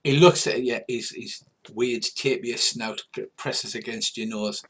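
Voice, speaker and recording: A man's voice: mid-range voice, steady tone, measured pace, fairly bright tone, breathy edge. An older man running a tabletop role-playing game as game master, narrating in a wry, rambling way full of fillers.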